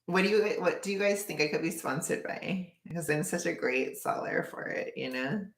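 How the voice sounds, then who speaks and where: A chatty livestreamer rambles to viewers while knitting. The voice has a gravelly vocal fry and keeps breaking into laughter. It sits in a roomy, echoey space. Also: mid-range voice, a bit bright. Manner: rambling and chatty, lots of "like", quick bursts of laughter. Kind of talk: casual live-stream chat.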